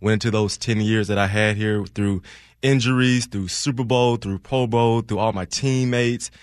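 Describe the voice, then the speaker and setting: A man's voice: fairly low pitch, fairly even intonation, clear, resonant tone, no room sound. A man in his thirties, a former football player, chatting casually as a radio studio guest and laughing often. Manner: laid-back, laughs often, drawn-out repetitions.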